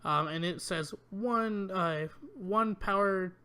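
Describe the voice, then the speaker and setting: This medium-pitched speaker goes slowly, with a sharp, clean tone. Hosting a channel, they chat loosely about freshly spoiled trading cards, dropping lots of uhs and ums, reading each card's text and complaining about the underwhelming ones.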